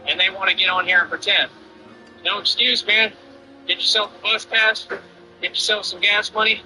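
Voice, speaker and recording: High bright-voiced man ranting defiantly. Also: steady tone, normal speed, faint music behind, rough recording. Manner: defiant, confrontational, boastful. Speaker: streamer. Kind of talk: livestream rant over gameplay.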